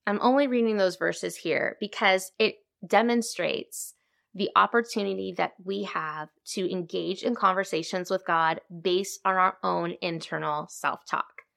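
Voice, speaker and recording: A woman hosts a devotional podcast in a reflective, conversational teaching voice. A noticeable vocal fry runs through her delivery, and she lets her voice drop softly at the ends of thoughts. She sits at a mid pitch. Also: unhurried. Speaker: podcast host.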